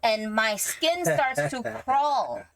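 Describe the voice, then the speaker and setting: A woman's voice: high-pitched, expressive, takes it slowly, fairly bright tone, slight background noise. A woman commentator and author giving blunt, emphatic opinions, full of swearing and lecturing. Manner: profane, emphatic, preachy.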